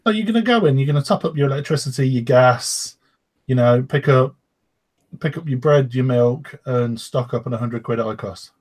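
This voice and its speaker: A man's voice: medium pitch, normal speed, darkish tone. A man co-hosting a podcast, mixing product opinions with jokes and hesitant ums. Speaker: podcast co-host. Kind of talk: casual chat. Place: at home on an online call.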